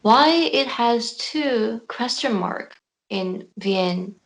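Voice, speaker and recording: A woman's voice: on the high side, lively intonation, extremely slow, poor audio. Careful Korean woman learning Spanish. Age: 20s. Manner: hesitant, careful, asks simple questions. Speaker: language student. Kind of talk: online language lesson. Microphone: video call.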